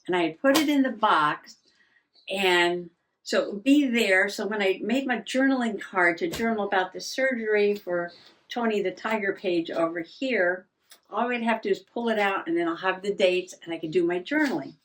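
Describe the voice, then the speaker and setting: In a mid-range voice at a normal pace, an older journaling vlogger chats in a rambling, self-deprecating way. She laughs a lot and is slightly breathless.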